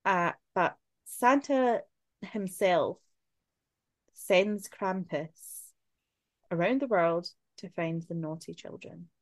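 A woman's voice: lowish voice, dry recording. A Scottish woman co-hosting a podcast, chatting casually and swearing freely as she tells spooky folklore. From Scotland. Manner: chatty, swearing, laughing asides. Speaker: podcast co-host. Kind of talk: casual chat, telling folklore.

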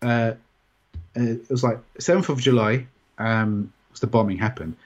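A man recounting a personal experience in an interview, rambling and halting with many restarts. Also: mid-range voice, steady tone. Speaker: interview guest. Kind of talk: personal story in conversation. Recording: dull, muffled sound.

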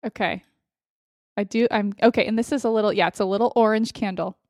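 A woman co-hosting a podcast in casual chat, enthusiastic and quick to affirm her friend. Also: mid-range voice, fairly even intonation, dry recording, clean studio sound. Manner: enthusiastic, warm listener with frequent affirmations. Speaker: podcast co-host.

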